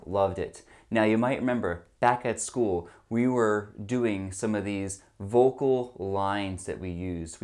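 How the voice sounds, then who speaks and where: A male music teacher leading a remote lesson for young children, coaxing and upbeat, singing call-and-response songs. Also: on the low side. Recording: ukulele music loud behind. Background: ukulele.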